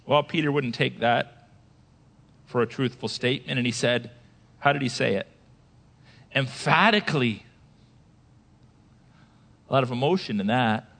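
A man preaching a sermon as pastor, animated, asking his listeners questions and acting out quoted voices. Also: medium pitch, a little slow, vocal fry, pauses often.

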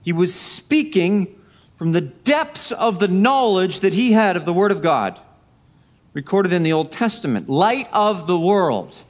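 Male pastor, high-pitched voice, emphatic sermon delivery, repeats phrases, hushed drops. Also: very animated, measured pace.

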